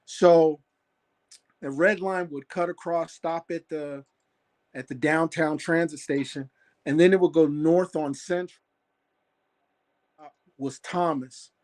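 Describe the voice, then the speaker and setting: A man with a fairly high voice recounts a memory on a call, rambling, full of fillers and restarts. He talks plainly and casually. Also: steady tone, slow pace, long pauses, darkish tone. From Phoenix area. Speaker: caller sharing a sighting. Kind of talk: casual storytelling. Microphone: phone on a call.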